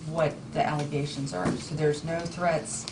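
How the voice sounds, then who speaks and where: A woman presiding as judge in a courtroom, asking measured, methodical clarifying questions. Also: deep voice, fairly even intonation. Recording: distant echoey room mic with noise.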